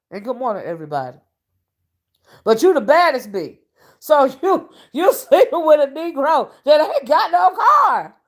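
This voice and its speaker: A woman's voice: high voice, very animated, moderate pace. A woman hosting a casual live-stream commentary, sassy and mocking as she rants and greets her chat. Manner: greets chat viewers mid-rant. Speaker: online commentary host.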